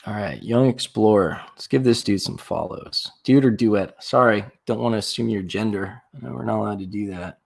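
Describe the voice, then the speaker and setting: A man's voice: on the low side, normal speed, creaky, few pauses, darkish tone. A young man from Florida chatting casually on a livestream, rambling and restarting his sentences a lot. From Florida, USA. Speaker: livestream host. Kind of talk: casual live-stream chat.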